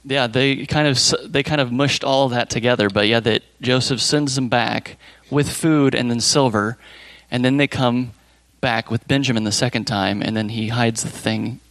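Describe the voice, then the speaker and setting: A man's voice: mid-range voice, steady tone, normal speed, few pauses, a bit bright, no echo. A man leading a Bible study group, reading a children's story aloud plainly, then chatting casually and hesitantly with the group.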